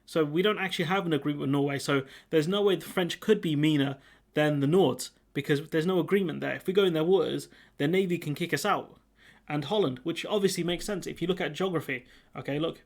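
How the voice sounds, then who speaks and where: A young man comments on the news in a loose, chatty way, mocking and sarcastic as he goes. His voice sits a little higher than most men's. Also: fast talker. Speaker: commentary channel host. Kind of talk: casual reaction commentary.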